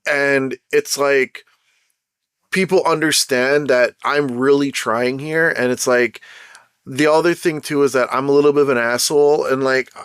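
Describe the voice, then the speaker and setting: A man with a Jamaican accent hosting his own podcast, talking in a blunt, chatty, animated way full of slang. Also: mid-range voice, unhurried, smooth, no echo, studio quality. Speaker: podcast host. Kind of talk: casual solo podcast talk.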